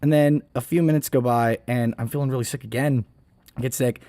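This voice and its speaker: A man's voice: medium pitch, fairly even intonation, a little fast, mellow, no echo. A young man on a podcast, telling a long, rambling, self-deprecating story in a casual way, often mimicking other people. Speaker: podcast guest.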